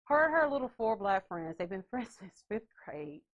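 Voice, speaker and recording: A woman hosting a podcast, telling stories in a loud, animated way with playful asides. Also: mid-range voice, moderate pace, muffled recording. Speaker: podcast host. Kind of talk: casual chat.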